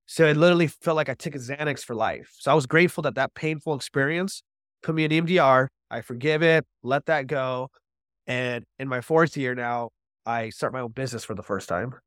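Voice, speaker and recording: A man as a podcast guest, telling his personal recovery story with animated storytelling and acting out his own quoted speech. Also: medium pitch, fairly quick, dry recording, clean studio sound.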